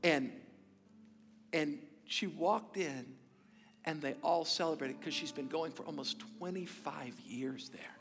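Emphatic preaching man, high gravelly voice. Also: slow, fairly bright tone. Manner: emphatic preaching with repeated phrases and rhetorical questions. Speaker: pastor. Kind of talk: sermon. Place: church sanctuary during a service. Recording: long hall reverb with faint music.

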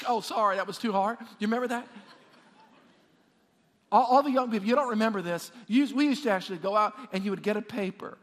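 A man preaching a sermon, lively and repetitive, calling on the congregation to answer back. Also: high voice, big-room sound. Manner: animated, repeats words, calls on congregation to respond. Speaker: pastor.

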